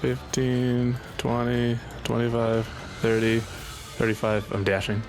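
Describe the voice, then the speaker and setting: A man with a gravelly voice plays a tabletop game, speaking hesitantly and earnestly with plenty of fillers. Music is clearly audible behind him. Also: mid-range voice, completely flat delivery, slow pace. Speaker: player.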